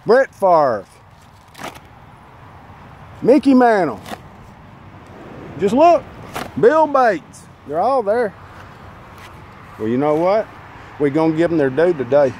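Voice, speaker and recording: A man with a drawl talks bitterly and preachily, as if scolding someone right in front of him. His voice sits high and jumps around a lot. He is recorded outdoors, with faint noise around him. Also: darkish tone. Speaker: fan burning team memorabilia. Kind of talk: angry outdoor monologue to camera. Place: outdoors by a fire.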